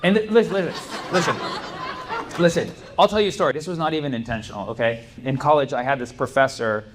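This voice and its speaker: A man's voice: on the high side, fast talker. Rambling male stand-up comic, noisy club. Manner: loose, rambling delivery with frequent "like" and "you know". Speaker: stand-up comedian. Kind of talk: stand-up comedy with crowd work. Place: comedy club stage before a live audience. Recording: live club recording with crowd noise.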